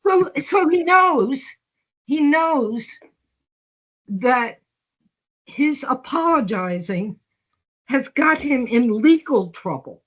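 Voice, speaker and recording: A woman's voice: sits high, expressive, dull audio. An older woman telling long stories in an interview, acting out quoted dialogue as she goes. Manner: slow storytelling, acts out quoted dialogue. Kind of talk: long-form conversational interview.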